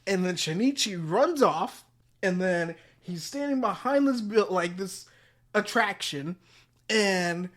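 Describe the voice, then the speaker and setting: A man's voice: high voice, expressive, slow pace, a bit bright. A man hosting a show, casually retelling a comic story in a slangy, rambling way. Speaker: podcast host.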